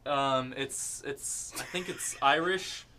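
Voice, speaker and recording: A man's voice: medium pitch, slow pace, sharp tone, slight background noise. A man co-hosting a casual group chat in a studio, eagerly reading silly poems aloud. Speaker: podcast co-host.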